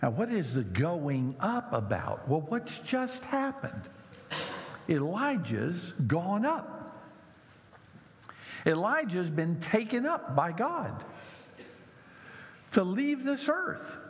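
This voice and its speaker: Gravelly, animated preacher man in an echoey hall. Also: slow, pauses often. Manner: animated, mocking voices rising high and loud. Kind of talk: sermon. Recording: echoey hall with faint noise.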